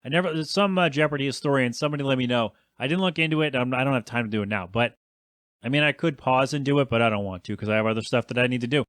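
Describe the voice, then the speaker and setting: A man's voice: mid-range voice, rapid-fire, a bit bright, no echo, clean studio sound. A man in his thirties hosting a solo podcast, rambling in a chatty, self-deprecating way and answering his own asides. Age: 30s. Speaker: podcast host.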